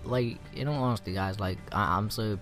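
A man's voice: on the low side, moderate pace. A young man casually commentating his gameplay, rambling and swearing, easily riled. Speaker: let's play gamer. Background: game music.

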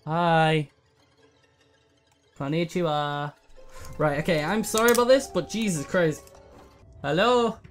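A man's voice: on the high side, takes it slowly, pauses often, faint music behind. A man giving nervous, swearing commentary while playing a horror game, often repeating words in panic. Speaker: let's play gamer.

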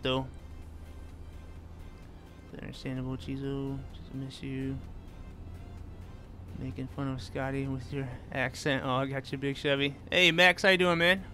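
A man casually chatting with his viewers while he plays a truck-driving game, reading their messages and answering them by name. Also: medium pitch. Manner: laid-back, reads chat aloud and answers viewers. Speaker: gaming streamer. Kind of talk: casual live-stream chat while driving.

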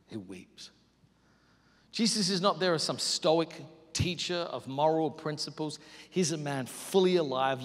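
A man preaching a sermon as pastor, moving between loud bursts and hushed near-whispers. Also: a little high. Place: large church hall. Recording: hall reverb.

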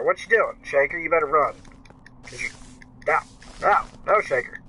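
A man's voice: a little high, lively intonation, moderate pace, sharp tone, husky, poor audio. A man streaming a game live, chatting casually, greeting viewers by name and reading their messages aloud.

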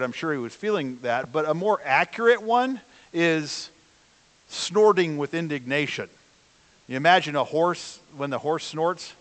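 A man's voice: a little high, a bit bright, big-room sound. A man preaching a sermon as pastor, in a conversational way, often putting questions to the congregation. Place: church sanctuary.

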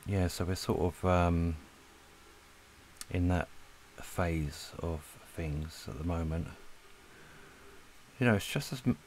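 A man rambling casually to viewers as he draws, relaxed and a little breathless. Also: sits low, takes it slowly, pauses often, a little hiss or hum. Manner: relaxed, rambling, talks to viewers while drawing. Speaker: art channel host. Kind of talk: casual chat while drawing. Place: lives in Spain.

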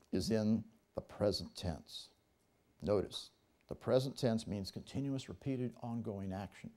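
A pastor teaching from the pulpit, his pitch rising and falling freely as he drives each point home. His voice is mellow and warm rather than bright, and he reads scripture aloud before unpacking it with emphatic explanation. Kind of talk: teaching sermon. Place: church service.

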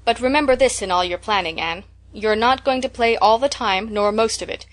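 Woman narrator playing a strict, practical older spinster; brisk, dry scolding, audiobook. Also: a little high, natural voice. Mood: stern.

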